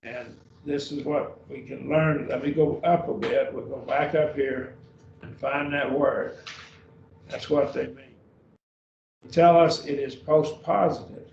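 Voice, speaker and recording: A man's voice: mid-range voice, fairly even intonation, takes it slowly, creaky, a little mellow, a little hiss or hum. A man teaching a beginning Greek class at a church, patient and often checking whether students follow. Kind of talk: classroom lesson. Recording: dull roomy sound from far off.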